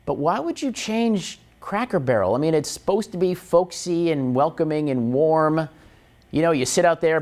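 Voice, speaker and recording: A man hosting a morning show, his voice sitting a little high for a man and swinging through a wide, lively range. He jokes and makes puns as he talks, loose and wisecracking. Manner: punning, wisecracking, animated. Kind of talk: jokey morning show chat.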